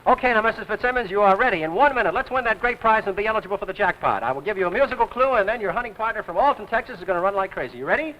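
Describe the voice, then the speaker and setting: A man hosting a live 1950s television game show with brisk, excitable patter. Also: high-pitched, rough recording.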